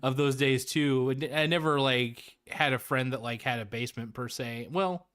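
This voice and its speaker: A man in the middle of his range for pitch, chatting loosely as a livestream movie reviewer. He rambles, restarts his sentences and swears casually, laughing often between thoughts. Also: normal speed, fairly bright tone, smooth. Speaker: host.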